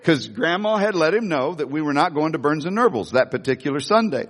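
A man's voice: a little high, sing-song, brisk, long reverb tail. An older man, a grandfather and pastor, preaching a sermon in a church in a folksy storytelling way, often restarting his phrases. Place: church sanctuary.

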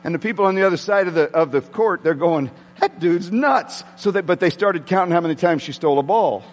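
Excitable high-voiced preacher man. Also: fast. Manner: excitable, prone to yelling. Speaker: pastor. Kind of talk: sermon. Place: church sanctuary with congregation. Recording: long hall reverb.

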